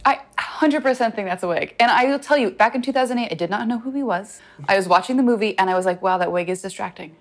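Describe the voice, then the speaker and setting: Quick-talking female co-host, teasing, pushes back fast. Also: mid-range voice. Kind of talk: casual chat.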